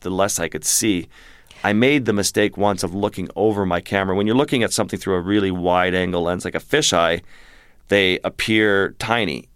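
A man's voice: low-pitched, clear, resonant tone, no room sound, studio quality. A man, a wildlife photographer, telling a vivid adventure story as a guest in an interview. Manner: vivid, animated storytelling with restarts.

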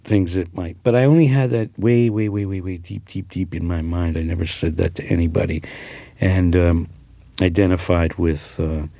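A man's voice: sits low, steady tone, moderate pace, dark tone, no echo. A man from New Jersey with a New Jersey accent, an actor talking casually in an interview, rambling with many fillers and restarts. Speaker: actor guest.

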